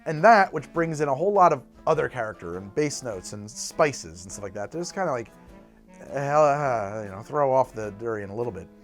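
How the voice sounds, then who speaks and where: This cocktail show host, a man with a mid-range voice, speaks fairly quickly over faint background music. He makes casual, animated chatter while mixing and sampling drinks, often drifting off mid-thought and beginning again.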